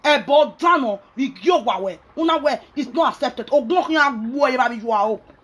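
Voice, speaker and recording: A woman's voice: high voice, lively intonation, brisk, breathy edge. A Nigerian woman vlogger ranting angrily and scolding, mixing in pidgin. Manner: angry, scolding, mixes pidgin and Yoruba. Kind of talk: angry rant.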